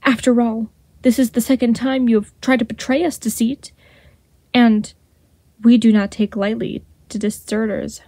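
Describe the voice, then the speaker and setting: A cold, menacing leader, played by a woman who speaks coolly and with measured calm. The voice is mellow and soft-edged. The sound is dry and close. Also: on the high side, no room sound. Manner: cool, measured.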